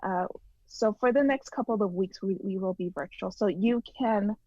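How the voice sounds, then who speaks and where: A woman's voice: mid-range voice, moderate pace, mellow, dry recording. A woman from Arizona, a guest actress, chatting casually, giggly and hesitant, often stammering. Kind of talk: casual interview chat. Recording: muffled phone line.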